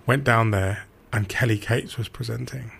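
A man's voice: medium pitch, moderate pace, vocal fry, breathy edge. Young man, football reporter, chatty storyteller who acts out each quote. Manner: animated anecdotes, acts out quotes. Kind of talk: casual storytelling chat.

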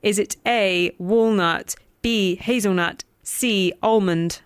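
A woman's voice: mid-range voice, takes it slowly, smooth, no room sound. A woman hosting a casual quiz segment, reading questions and options with playful asides. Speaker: quiz master. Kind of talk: casual radio chat.

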